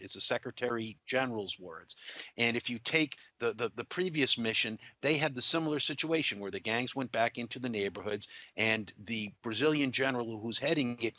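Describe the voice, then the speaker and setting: A man as an interview guest, making a firm, measured argument. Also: mid-range voice, sharp tone, no echo, dull audio.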